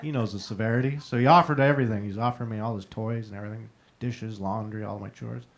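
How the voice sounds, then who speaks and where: A young man performing a stand-up comedy set on stage, telling stories with punchy asides, tagging jokes with a quick "right?" and bantering with the crowd. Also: fairly low pitch, fairly even intonation. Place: live comedy showroom.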